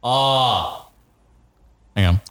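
A man's voice: medium pitch, extremely slow, heavy background noise. A man co-hosting a podcast, flustered and swearing as he fumbles a bit. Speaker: podcast co-host. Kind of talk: casual comedy chat.

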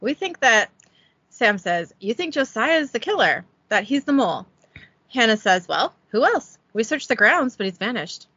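Her fairly high voice swings widely in pitch as she recaps the episode at a moderate pace, sharp-toned and husky. This podcast host reads the script casually, giggling at herself and lending the quotes little voicing. It's a dry, lo-fi recording.

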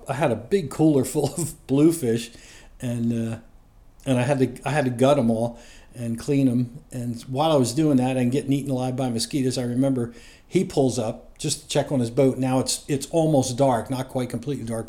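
A man from New Jersey sits as a guest and tells his own story at an easy, meandering pace. His voice sits at an ordinary middle pitch. He talks in a loose, conversational way and often chuckles as he goes. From New Jersey, USA. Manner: relaxed and rambling, with frequent chuckles.

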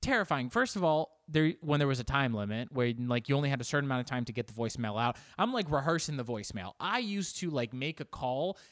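A man's voice: mid-range voice, big pitch swings, quick pace, few pauses, a bit bright, no room sound, clean studio sound. A man delivering a rambling, profane comedic monologue as a podcast host.

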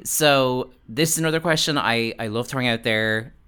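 A man's voice: medium pitch, normal speed, pushed and bright, clean tone. A man hosting a podcast, chatting in a bubbly, gossipy way and acting out quotes with a laugh. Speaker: podcast host. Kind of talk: casual chat, interviewing.

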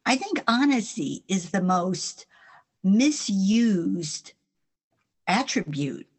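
A woman's voice: medium pitch, very animated, very slow, breathy edge. An older woman from New Jersey with a New Jersey accent, a guest author telling earnest faith stories in an interview, laughing now and then as she talks. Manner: earnest, storytelling, laughs while speaking.

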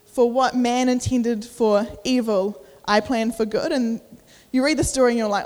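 A youth preacher, a young woman with a higher, slightly mellow voice, speaks at normal speed with fairly even intonation. Her casual church sermon, echoing through the hall, is chatty and full of fillers, with acted-out inner voices and a hint of breathlessness.

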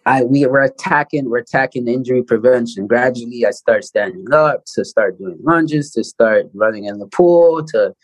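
A man from Canada in his thirties tells a story in a relaxed interview. His voice sits at a middle pitch, and he jumps into loud, lively bursts when he acts out what others said. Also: moderate pace, hardly any pauses, poor audio. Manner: animated storyteller, acts out quoted voices loudly. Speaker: guest, basketball player.

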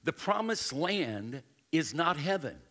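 Middle-aged preacher in a reverberant hall. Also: male voice, very animated, takes it slowly. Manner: emphatic preaching, swinging between loud high declarations and hushed low asides; punctuates with catchphrases to the crowd. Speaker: pastor. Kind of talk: sermon. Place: large church sanctuary. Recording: long hall reverb with live band music. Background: band playing.

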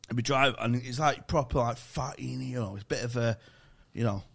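A man's voice: medium pitch, brisk, vocal fry, fairly bright tone. A male comedian guest telling rambling, sweary anecdotes in casual podcast chat.

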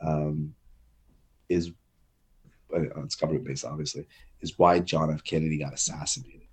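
A man with a very deep, husky voice talks loosely as a podcast co-host. He rambles in a relaxed way, circling back with fillers and restarts as he thinks aloud. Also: normal speed. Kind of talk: casual chat.

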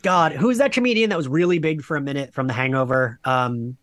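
A man's voice: mid-range voice, fairly quick, fairly bright tone. A man co-hosting a casual film commentary podcast, chatty and prone to rambling anecdotes. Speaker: podcast co-host.

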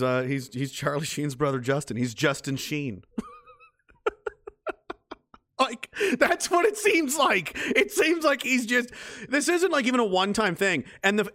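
A man's voice: high-pitched, bright, forceful tone, no echo, clean studio sound. A man from Canada hosting a livestream, reading chat messages aloud and riffing in casual, profane commentary. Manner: swears freely, jumps from mocking rants to quick chat replies.

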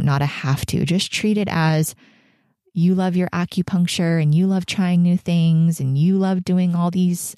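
Podcast host, woman in her 30s, pregnant, low voice, candid and meandering, dry close mic. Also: darkish tone, no room sound. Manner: candid, emotional, rambling with many fillers. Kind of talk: reflective solo podcast.

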